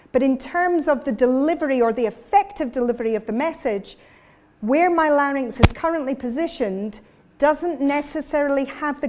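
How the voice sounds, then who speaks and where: A woman's voice: high voice, a little mellow, lightly acted. A woman voicing a speaker with a raised, tilted larynx, thin and quavery.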